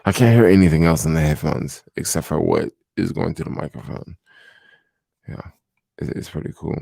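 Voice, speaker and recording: Tired, gravelly deep-voiced man livestreaming. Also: moderate pace, no echo, clean studio sound. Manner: relaxed and rambling, many fillers. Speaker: livestream host. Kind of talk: casual livestream chat. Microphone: desk microphone without headphones.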